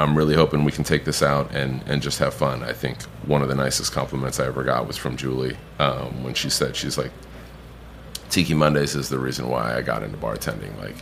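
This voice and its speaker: A man's voice: rumbling low, creaky, slight background noise. A man, a bartender guest on a podcast, telling a rambling anecdote casually, swearing and acting out other people's lines. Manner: animated anecdote-teller, swears, acts out others' voices.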